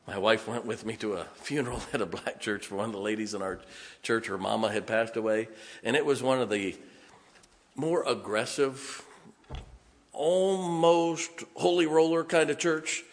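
A man of medium pitch, speaking at a moderate pace, gives a sermon as pastor. He keeps it folksy and lively with humor and storytelling, raising his voice to emphasize points.

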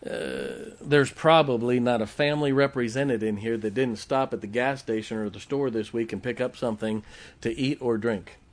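A man's voice: medium pitch, normal speed. A middle-aged man preaching a folksy sermon, often asking the congregation questions. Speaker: pastor.

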